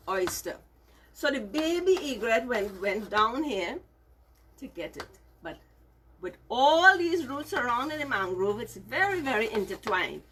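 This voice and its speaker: A woman telling a story to children, gentle and emphatic, with lots of repetition. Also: a little high, slight background noise.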